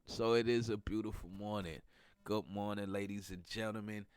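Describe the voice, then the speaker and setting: A man's voice: fairly low pitch, fairly even intonation, normal speed, clear, resonant tone. A middle-aged man with a stuffy nose from a cold, hosting a casual morning talk show in a playful, teasing way. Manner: playful, teasing, laughs a lot. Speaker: podcast host.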